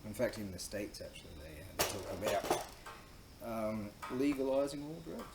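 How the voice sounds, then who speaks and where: Low-leaning and animated at a normal speed, this Australian man hosts a loose, rambling monologue, swearing, filling pauses, and chuckling at his own tale. Faint ambient noise and echo fill the room.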